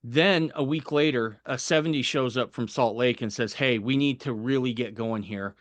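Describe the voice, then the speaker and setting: A man on a podcast telling a personal story in a casual, animated way, acting out the voices of people he quotes. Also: medium pitch, moderate pace, dry recording.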